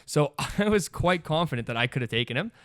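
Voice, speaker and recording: A man's voice: fairly high pitch, lively intonation, a little fast, fairly bright tone, no echo, studio quality. A young man co-hosting a podcast in casual chat, a rambling storyteller who laughs often. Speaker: podcast co-host.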